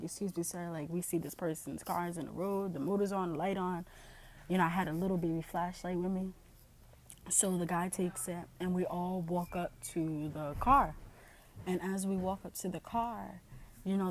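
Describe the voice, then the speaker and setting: A woman's voice: on the low side, a little mellow, slight background noise. A young woman telling a personal story to camera in a rambling way, full of "like" and "you know". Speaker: vlogger.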